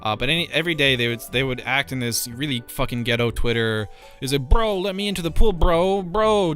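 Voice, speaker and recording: A young man with a bright, forceful voice tells a rambling storytime, stumbling over fillers and swearing in frustration. Soft music sits quietly under him. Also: medium pitch. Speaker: vlogger. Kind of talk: casual storytime rant.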